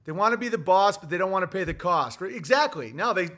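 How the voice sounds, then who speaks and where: A man's voice: high-pitched, expressive, fast talker, pushed and bright. A male comedian delivering a heated, blunt and sarcastic ranting monologue.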